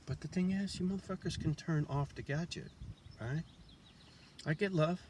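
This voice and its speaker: A man's voice: fairly high pitch, moderate pace, noisy background. Profane streetwise man rambling to camera. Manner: profane, streetwise slang, blunt and candid; chewing a toothpick while talking. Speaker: vlogger. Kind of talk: casual rambling monologue to camera. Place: outside his house while it is being shown.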